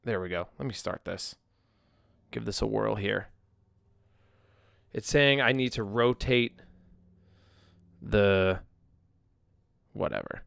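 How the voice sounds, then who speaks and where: A man's voice: lowish voice, expressive, takes it slowly, creaky, pauses often, a bit bright, dry recording, clean studio sound. A man in his mid-thirties hosting his own podcast, talking casually and rambling with lots of ums and restarts as he livestreams from a tablet. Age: 30s. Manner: rambling, chatty, many ums and self-corrections. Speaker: musician podcast host. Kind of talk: casual solo podcast chat. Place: home in Nashville. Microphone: tablet and phone livestream.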